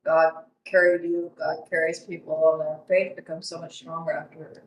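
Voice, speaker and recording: A woman's voice: low-pitched, little pitch movement, moderate pace. A woman hosting a podcast interview, supportive and faith-focused, with many short affirmations. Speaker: podcast host. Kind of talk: casual interview. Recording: roomy, distant mic.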